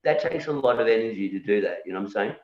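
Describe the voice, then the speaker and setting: On a video call, a low-voiced man rambles very fast with lively intonation, repeating words and asking "you know?" as he argues his point and challenges beliefs. He's a musician guest in a casual conversation, recorded in an echoey room with dull lo-fi sound.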